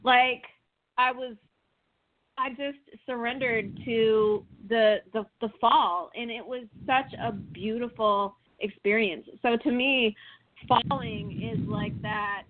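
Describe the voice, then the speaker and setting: A woman hosting a talk show in casual chat, telling stories with animated acted-out reactions. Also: on the high side, slow, no room sound. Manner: animated storyteller, acts out her own panicked thoughts. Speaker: podcast host. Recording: dry phone-like line.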